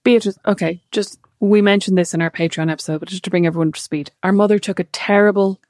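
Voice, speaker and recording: A woman's voice: medium pitch, fairly even intonation, fast talker, darkish tone, no room sound, studio quality. An Irish woman co-hosting a podcast, chatting casually with wry, teasing quips. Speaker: podcast co-host. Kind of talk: casual chat.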